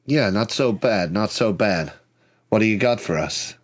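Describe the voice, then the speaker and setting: Laid-back detective, voiced by a man, ladies' man, low voice, easygoing drawl. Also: expressive, unhurried.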